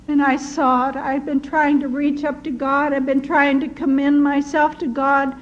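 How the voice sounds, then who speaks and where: An older woman giving an earnest personal testimony, telling her story in a measured way with restarts. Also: sits high, level tone. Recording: dull lo-fi recording with faint noise.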